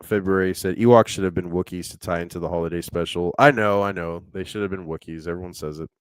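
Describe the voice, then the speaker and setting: Rambling low-voiced man reading chat. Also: fairly even intonation, quick pace, smooth, no room sound. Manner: rambling, laughs often, reads chat comments aloud. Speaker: podcast co-host reading chat. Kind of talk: casual podcast chat.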